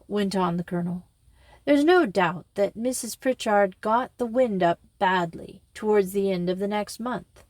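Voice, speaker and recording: A woman reading a mystery novel aloud in a measured, expressive narration. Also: medium pitch, dry recording. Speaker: audiobook reader. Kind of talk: scripted narration.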